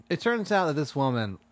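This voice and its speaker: Male podcast host, casual and teasing, murmurs low when setting up a spooky scenario. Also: sing-song, moderate pace, gravelly. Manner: spins a hypothetical, drops to a murmur when setting scenes.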